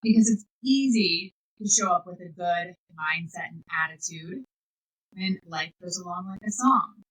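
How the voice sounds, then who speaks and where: A woman hosting a podcast as a life coach, giving an energetic, enthusiastic motivational talk. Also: fairly low pitch, a little slow, breathy edge, poor audio. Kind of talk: motivational monologue.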